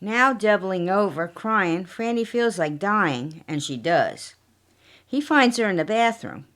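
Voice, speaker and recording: Woman, storyteller, mystery podcast narration, unhurried, plain delivery, medium pitch. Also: animated, fairly bright tone.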